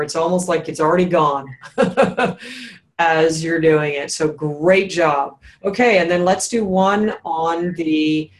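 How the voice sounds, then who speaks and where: Encouraging breathwork coach on a video call. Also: female voice, deep voice, steady tone. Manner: encouraging, instructive, slows down for guided phrases.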